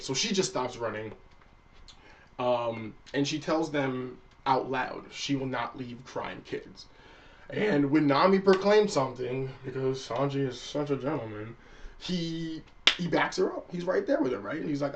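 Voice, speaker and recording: A man's voice: medium pitch, animated, moderate pace, recorded from a distance. A man reviewing an anime episode in a loose, casual recap, swearing freely and acting out the characters' lines.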